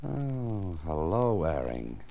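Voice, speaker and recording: An actor playing a wry, defiant writer held captive, who also narrates, in 1940s radio acting. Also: male voice, deep voice, very animated, slow pace, dark tone, lo-fi sound, exaggerated voice. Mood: guarded. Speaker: narrator and lead.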